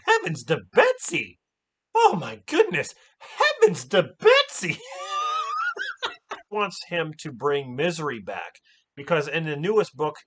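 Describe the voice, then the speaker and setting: Animated man recapping a movie. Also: high-pitched. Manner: animated, exclaiming, swears a lot. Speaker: movie reviewer.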